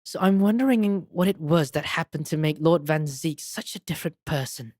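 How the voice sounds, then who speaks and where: An earnest young man tells his story in a plain, lowered voice, as a woman reads the part. The delivery is steady and sincere. The recording is close and dry. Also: moderate pace, no echo. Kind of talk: reading game dialogue aloud.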